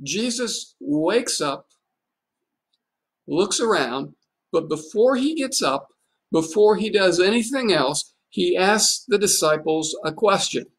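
A man's voice: high-pitched, expressive, slow, breathy edge. A man preaching a livestreamed sermon in an easygoing, conversational manner. He tells the story in plain, homely terms and keeps posing rhetorical questions to the congregation. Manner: conversational and folksy. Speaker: pastor.

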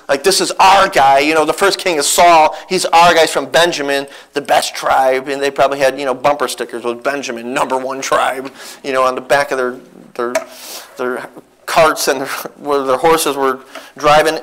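A man preaching a sermon in a church as a visiting missionary, telling a Bible story with earnest, animated restarts. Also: fairly high pitch, low-quality recording. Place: church sanctuary.

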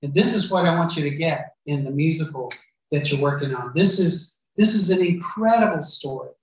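A man's voice: on the high side, normal speed, a bit bright. Male preacher in a very echoey hall. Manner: storytelling, acts out the characters' lines. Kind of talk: sermon retelling a Bible story. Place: church hall. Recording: very echoey hall, voice far from mic.

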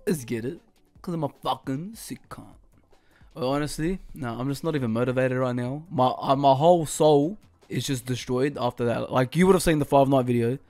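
A young man giving casual gaming commentary, swearing a lot, laughing often and yelling now and then. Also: mid-range voice, normal speed, faint music behind. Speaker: gaming YouTuber.

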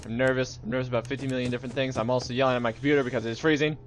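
A young man giving casual, joking let's-play commentary on a game, jumpy and yelling at it when startled. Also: medium pitch, level tone, rapid-fire. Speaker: gaming video host.

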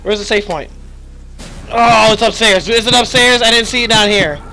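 A man's voice: high-pitched, moderate pace, bright, forceful tone, soft background music, rough recording. A young man chatting and swearing while streaming a horror game, his voice worn and his nose stuffy. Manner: chatty, yelps and swears at scares. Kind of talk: live gaming commentary.

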